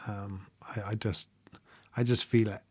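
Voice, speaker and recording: A man speaks in a soft, halting way, pausing on frequent ums and letting small laughs slip in. The sound is close and dry, with no room behind it. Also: lowish voice, flat delivery, no echo. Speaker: meditation livestream host. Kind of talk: live-streamed reflective talk, reading viewer comments.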